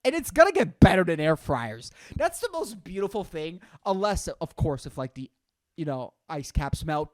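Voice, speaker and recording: A man's voice: a little high, big pitch swings, normal speed, no echo. A man in his twenties hosting a solo comedy podcast, rambling and swearing constantly, peppering his talk with "dude" and "man". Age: 20s. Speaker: podcast host.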